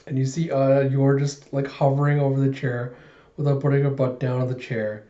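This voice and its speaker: A man's voice: mid-range voice, little pitch movement, fairly quick, warm tone, reverberant, highs cut off. A man casually retelling a manga chapter in a chatty, rambling way. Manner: chatty, filler-heavy retelling. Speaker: manga reviewer. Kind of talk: casual reaction recap.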